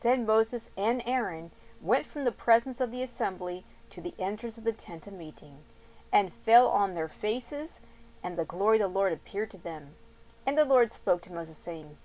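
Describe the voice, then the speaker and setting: A woman's voice: medium pitch, moderate pace, darkish tone, rough recording. A woman reading scripture aloud expressively and breaking off for casual, chatty comments. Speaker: Bible reader and commentator.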